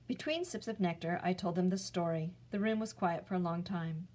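A woman's voice: on the low side, fairly quick, hardly any pauses, darkish tone, slight background noise, rough recording. Woman reading a chapter book aloud.

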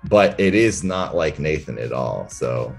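A man with a notably deep, low-pitched voice chats as an interview guest. He speaks reflectively, thinking out loud as he goes, with faint music sitting under his voice. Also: sing-song, a little slow, gravelly. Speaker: interview guest, comedian and character performer. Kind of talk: casual interview chat.

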